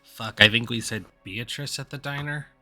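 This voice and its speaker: A man's voice: medium pitch, moderate pace, pushed and bright, soft background music. A man as a player in a tabletop role-play, describing his character casually and swearing offhandedly.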